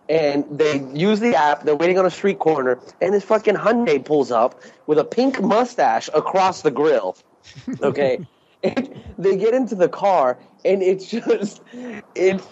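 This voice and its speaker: Casual podcast co-host, male, slightly high voice, rambles through stories with laughs and swearing. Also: darkish tone. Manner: rambling storyteller, swears freely, laughs mid-story. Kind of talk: casual chat. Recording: dull lo-fi podcast audio.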